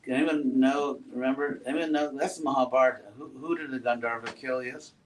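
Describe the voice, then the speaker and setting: A man giving a relaxed classroom talk, asking his students questions and adding playful asides. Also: mid-range voice, a little fast. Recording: roomy echo, far from mic, faint noise.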